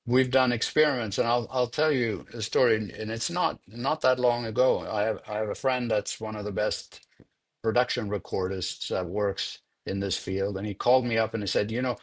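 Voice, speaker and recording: An older man speaks with a husky, slightly low voice. He tells stories in a relaxed, unhurried way during an interview and repeats words as he gathers his thoughts. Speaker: interviewed sound editor. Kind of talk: conversational interview storytelling.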